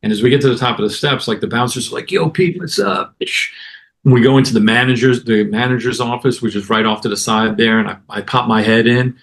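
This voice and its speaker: Gravelly man telling a lively story. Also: mid-range voice, fast, hardly any pauses. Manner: animated anecdote with acted-out quotes. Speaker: guest musician. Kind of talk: casual storytelling.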